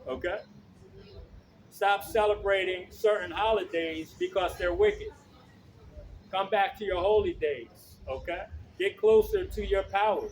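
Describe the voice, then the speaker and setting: A man preaching outdoors on the street, loud and blunt, swearing and checking in with his listeners again and again. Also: sits high, measured pace, slight background noise. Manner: loud, blunt, profane, keeps asking "okay?".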